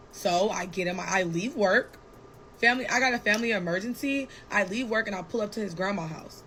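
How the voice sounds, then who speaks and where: A woman's voice: mid-range voice, brisk, slight background noise, low-quality recording. Blunt, profane young woman telling a story. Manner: blunt, profane and animated, with frequent "like" and "right?". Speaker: podcast guest telling a personal story. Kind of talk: casual storytelling.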